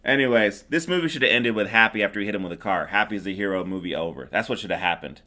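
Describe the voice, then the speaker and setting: Middle-aged male podcast host, low-pitched and bright, rambling sarcastic recaps. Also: lively intonation, fast. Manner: rambling, sarcastic, many fillers. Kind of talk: casual movie recap chat.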